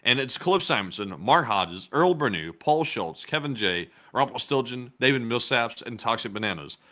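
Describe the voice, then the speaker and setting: A man's voice: medium pitch, lively intonation, normal speed, sharp tone. A man, co-hosting a live stream, who is unwell and coughing as he reads viewer names and questions aloud. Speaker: co-host.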